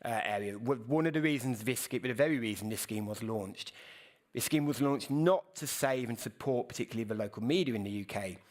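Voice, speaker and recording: A middle-aged man from the United Kingdom speaking on a conference panel, talking fast and earnestly, often restarting his sentences. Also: mid-range voice. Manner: fast, earnest, self-correcting.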